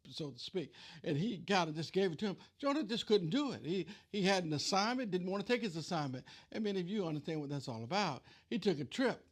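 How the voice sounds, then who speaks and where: A man's voice: fairly high pitch, lively intonation, fast talker. A man preacher giving a conversational Bible teaching, retelling scripture in plain everyday speech.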